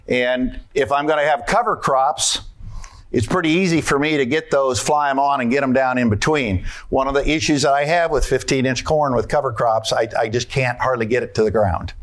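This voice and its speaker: A man's voice: mid-range voice, moderate pace. A man giving a folksy conference talk on farming, asking the audience questions and walking through his slides.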